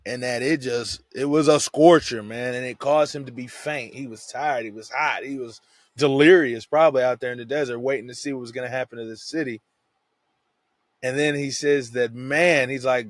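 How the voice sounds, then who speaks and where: A young man talking through a Bible passage in an easygoing, conversational way, often dropping "man" mid-sentence. His voice sits at a middle pitch. The sound is close and dry, with no room echo. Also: moderate pace. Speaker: devotional teacher. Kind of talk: casual Bible devotional.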